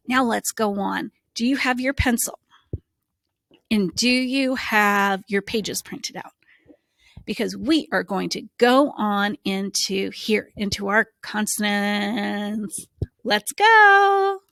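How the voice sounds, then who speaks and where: A woman who teaches reading, giving a slow, encouraging phonics lesson to young children and sounding out letters. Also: mid-range voice, creaky, a bit bright, dry recording, clean studio sound.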